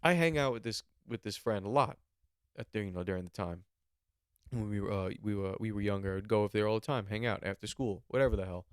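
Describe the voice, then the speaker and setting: A man's voice: on the low side, fast talker, clean tone, dry recording, studio quality. A man in his twenties, a podcast host, telling rambling stories in a casual monologue and swearing freely. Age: 20s.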